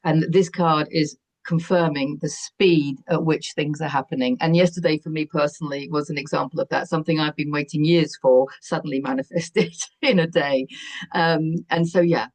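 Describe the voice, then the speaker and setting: A woman giving a spiritual tarot reading, speaking gently and calmly, often laughing softly. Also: low-pitched. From United Kingdom. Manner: soft, gentle, breathy calming guidance with frequent laughs. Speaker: tarot reader.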